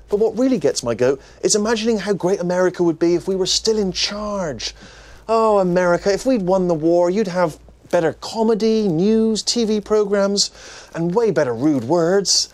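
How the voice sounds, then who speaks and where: An actor playing a cheeky English man mocking Americans in a comic ad, talking in a mocking tone. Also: high voice. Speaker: ad spokesman. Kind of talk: comic ad monologue.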